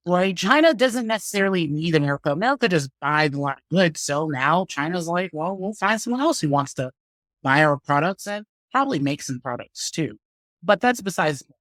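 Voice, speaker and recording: A man hosts a casual solo podcast and rants in a blunt, profane, opinionated way. His talk comes in quick bursts, full of "like" and self-interrupting restarts. The sound is dry and close, with almost no room echo. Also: sits high, fairly bright tone. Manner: laughs at himself, speaks in bursts with fillers. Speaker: podcast host.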